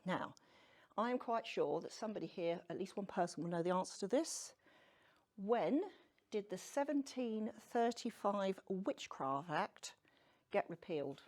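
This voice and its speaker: A woman lectures a live audience in a loose, conversational way, teasing herself and throwing questions out to the room. Her pitch swings widely as she talks. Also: animated, a little slow, a little mellow. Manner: chatty and self-deprecating, asks the audience questions. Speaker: tarot speaker giving a public talk.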